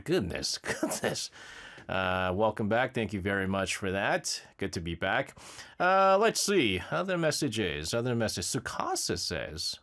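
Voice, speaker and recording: A talkative man hosting a live radio show from the studio, his pitch swinging up and down as he rambles. He laughs easily and fills his sentences with loose asides while reading out what listeners send in. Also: very animated, moderate pace, a bit bright. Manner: chatty, laughs often, loose with fillers.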